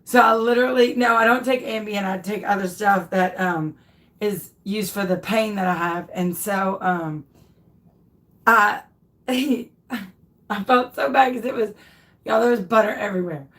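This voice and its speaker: A woman in her thirties hosts a craft video and casually tells viewers a funny personal story, laughing a lot and restarting often. Her voice is medium-pitched and a bit bright, and she speaks a little slowly.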